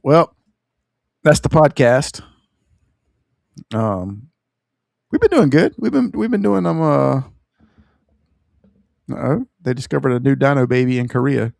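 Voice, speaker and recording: A man's voice: mid-range voice, very animated, a little slow, vocal fry, pauses often, darkish tone, no echo, clean studio sound. A man co-hosting a casual gaming podcast, laid-back and teasing, laughing often. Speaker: podcast co-host.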